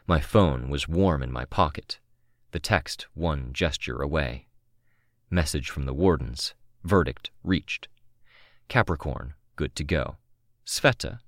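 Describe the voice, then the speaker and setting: A man reads a first-person novel with a very deep, low voice. He takes his time, pausing between phrases in a calm, measured way. The sound is close and dry, with no room around it. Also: dry recording. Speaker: audiobook narrator. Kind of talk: scripted narration of a novel.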